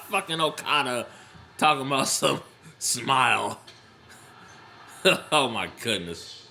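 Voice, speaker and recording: Man, casual reaction commentary, excitable and profane, bright, slow delivery. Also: fairly high pitch, a little hiss or hum. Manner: excitable, laughs often, swears freely. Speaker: wrestling reaction vlogger.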